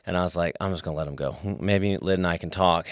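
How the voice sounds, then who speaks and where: Low-voiced storytelling man, dry sound. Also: fast talker, no room sound. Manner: animated storyteller, acts out family quotes. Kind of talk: casual faith-based discussion.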